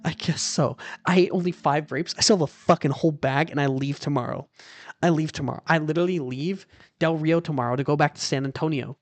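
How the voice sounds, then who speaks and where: A woman's voice: deep voice, brisk, no room sound. A woman streamer telling a story in a casual chat stream from a hotel room, exasperated and dramatic, swearing freely.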